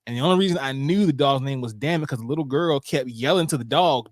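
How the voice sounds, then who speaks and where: Male podcast host, lively storyteller, dry close sound. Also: medium pitch, quick pace, hardly any pauses, no room sound. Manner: lively storyteller, laughs often. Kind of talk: casual chat. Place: video-call podcast.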